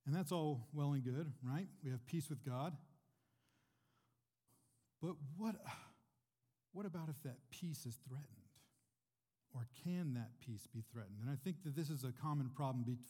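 A man's voice: medium pitch, unhurried, long pauses, warm tone, slightly rough, big-room sound. A man preaching a sermon in a church, talking conversationally and asking his listeners rhetorical questions. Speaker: pastor.

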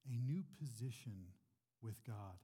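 A man's voice: mid-range voice, animated, slow pace, warm tone, husky, in a large hall. A man preaching a sermon in a church, talking conversationally and asking his listeners rhetorical questions. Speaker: pastor.

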